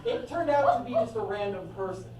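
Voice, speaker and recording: A woman's voice: mid-range voice, expressive, fairly quick, dark tone. A woman improvising a comedy scene, giggly and questioning, trying for a put-on Boston accent. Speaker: improv performer. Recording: echoey room from a distant mic with faint noise.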